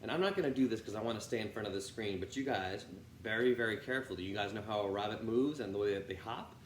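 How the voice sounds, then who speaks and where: A man's voice: lowish voice, fast. A man teaching an online children's music lesson, with an upbeat, encouraging manner as he talks straight to the kids. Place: music room. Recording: roomy with faint ambient noise.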